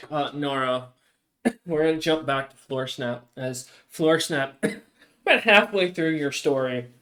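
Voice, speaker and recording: A man running a tabletop game as game master. He narrates the scene in a rambling way, full of ums and restarts. His voice sits a little high for a man. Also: a bit bright. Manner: rambling, hesitant, filler-heavy.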